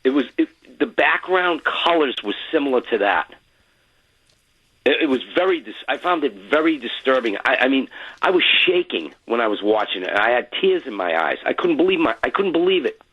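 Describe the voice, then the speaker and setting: Male caller on a muffled lo-fi line, husky, stammery and shaken up. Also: mid-range voice, very animated. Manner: halting, emotional, stammering restarts. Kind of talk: phone-in call.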